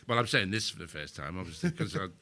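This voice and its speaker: Bright-voiced older man telling stories. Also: low-pitched, big pitch swings, quick pace. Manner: sweary anecdotal storyteller, laughing as he tells it. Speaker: comedian and podcast co-host. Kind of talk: live podcast storytelling. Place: live venue with audience.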